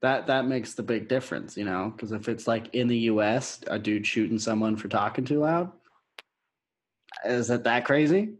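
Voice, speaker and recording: A man co-hosting a podcast over a video call, talking loosely with quick exclamations and the odd swear. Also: medium pitch. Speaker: podcast co-host.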